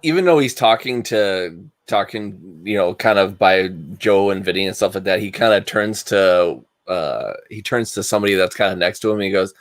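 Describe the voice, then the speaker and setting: A man playing a tabletop game, talking in a lively, joking way. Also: lowish voice, normal speed, no echo, studio quality. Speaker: player.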